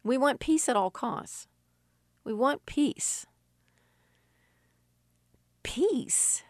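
Raised in Sicily, a Christian woman offers earnest devotional teaching and reads passages of scripture aloud. She speaks very slowly with long pauses, her voice on the high side with lively intonation, in clean studio sound without echo.

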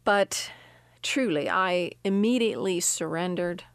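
A woman's voice: on the low side, unhurried, clean tone, no room sound. An older woman with an earnest, emphatic manner, reading scripture and giving a personal devotional testimony. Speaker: devotional speaker.

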